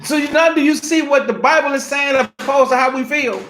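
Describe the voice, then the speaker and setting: A man's voice: extremely high pitch, a little fast, fairly bright tone, a little hiss or hum. A man preaching from scripture with emphasis, asking rhetorical questions and repeating phrases. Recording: roomy echo.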